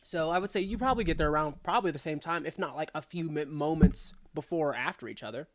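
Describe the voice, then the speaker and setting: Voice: medium pitch, fast talker. A game master narrating a tabletop game in a loose, chatty way with lots of fillers.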